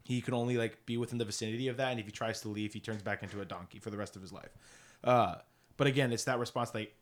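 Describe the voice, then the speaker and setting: A man's voice: on the low side, fairly even intonation, fast. A man in a casual book discussion, retelling the story with fillers and laughter. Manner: retells and reads aloud, many fillers and laughs.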